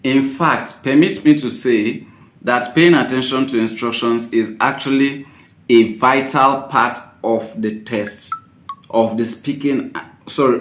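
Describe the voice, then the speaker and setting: A man giving a spoken tips lesson as an exam-prep teacher, repeating his key points and stressing words with sudden loud jumps. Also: mid-range voice. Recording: roomy echo.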